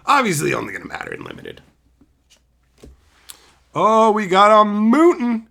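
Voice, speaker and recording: A man's voice: high voice, unhurried, creaky. A man live-streaming as he opens card packs, chatting casually and hurling profane, mock insults with frequent laughs. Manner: excitable, laughs often.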